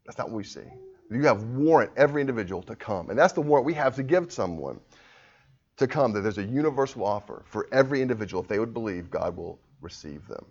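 A man preaching a sermon in an earnest, emphatic way, swinging between quiet reasoning and forceful pleas. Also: mid-range voice, animated, quick pace, slightly rough. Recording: dull lo-fi sound.

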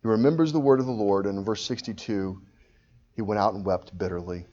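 A man preaching a sermon with passion, his voice swelling loud at high points. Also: brisk, highs cut off. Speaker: pastor.

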